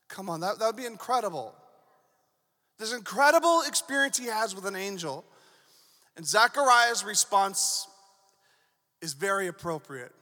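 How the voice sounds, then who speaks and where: High-voiced animated preacher in a hall. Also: male voice, moderate pace, long pauses. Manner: animated, playful storytelling. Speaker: pastor. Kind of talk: sermon. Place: church hall. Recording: echoey hall with long reverb.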